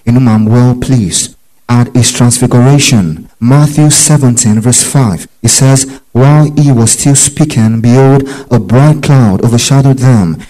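Man dictating a Bible lesson, mellow. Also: medium pitch, rough recording. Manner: methodical, reads scripture references in lists and spells out words. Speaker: Bible teacher.

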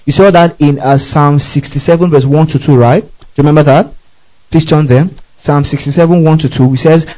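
A man's voice: fairly high pitch, darkish tone, low-quality recording. A male preacher teaching from scripture, often checking that the congregation is following and spelling out Greek words. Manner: teaching verse by verse, repeatedly asking the congregation if they follow. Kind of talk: sermon.

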